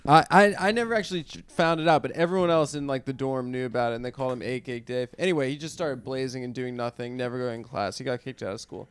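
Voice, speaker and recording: A man's voice: mid-range voice, fast, few pauses, clean tone, no echo. A man co-hosting a comedy podcast in casual banter, telling long rambling stories and getting defensive when teased. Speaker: podcast co-host.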